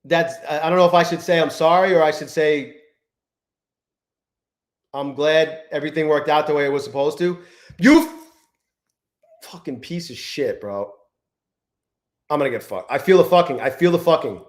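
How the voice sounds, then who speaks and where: A man hosting a live trading stream, chatting with viewers, swearing often and swinging between low mutters and exasperated outbursts. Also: normal speed, long pauses, echoey room. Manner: profane, exasperated, talks to chat. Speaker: livestream trading host.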